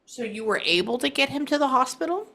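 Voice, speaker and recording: A woman psychic medium giving a casual reading, halting often to listen before going on. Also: high-pitched, lively intonation, bright, forceful tone.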